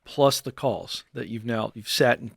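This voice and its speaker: A man co-hosting a money advice show, asking his co-host measured questions and offering brief supportive replies. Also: mid-range voice, vocal fry, slightly rough, dry recording, clean studio sound. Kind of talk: studio conversation, interviewing his co-host. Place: radio studio.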